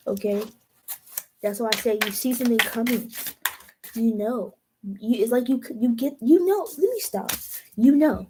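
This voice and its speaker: A young woman with a mellow, fairly high voice gives a casual tarot reading. She talks slowly and thoughtfully, trailing off mid-sentence and starting over as she works through the cards. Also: rough recording. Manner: slow, musing, trails off and restarts. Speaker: tarot reader.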